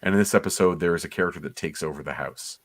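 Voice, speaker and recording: On a comics livestream, a male co-host with a low voice races through rambling, excited, nostalgic remarks about an old cartoon. There's no room sound.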